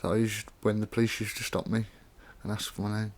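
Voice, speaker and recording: A man's voice: on the low side, little pitch movement, brisk, a little hiss or hum. A man from Staffordshire, an author reading his own rhyming poems aloud in a plain, conversational way, with casual spoken introductions between them. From Staffordshire, England.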